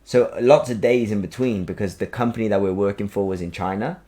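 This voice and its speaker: A man, hosting a podcast and telling a story in a casual, animated way, acting out quotes and swearing freely. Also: on the low side, brisk. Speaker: podcast host. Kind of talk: casual chat.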